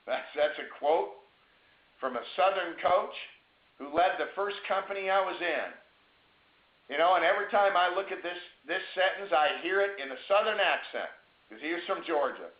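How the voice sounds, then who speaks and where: Man, motivational webinar speaker, a bit high-pitched, roomy and dull lo-fi sound. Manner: emphatic, slowing down to stress key phrases; conversational, with asides and checks like "right?".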